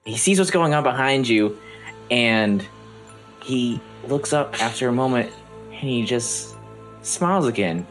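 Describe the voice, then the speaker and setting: A man narrating a tabletop game as game master, a lively storyteller who often restarts his sentences. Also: mid-range voice, measured pace, rough recording. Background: background music.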